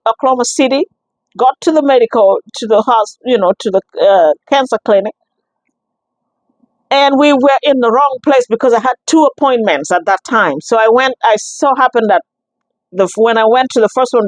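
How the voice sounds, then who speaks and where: A woman giving a personal testimony, telling her story in an animated, expressive way, with many restarts and acted-out exchanges. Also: fairly high pitch, no room sound, low-quality recording. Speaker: guest sharing a testimony.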